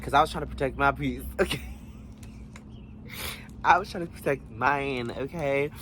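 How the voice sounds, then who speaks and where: A young man in a casual storytime vlog, animated and slangy, swearing freely and jumping into high exclamations. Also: moderate pace, background noise. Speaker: vlogger.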